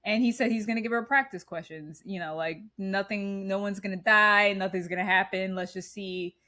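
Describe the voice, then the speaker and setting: A woman's voice: medium pitch, steady tone, normal speed, bright, forceful tone. A woman in her thirties hosts a casual podcast chat. She retells scenes with animation and laughs often, keeping the tone loose and conversational. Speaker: podcast co-host. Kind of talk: casual movie recap chat.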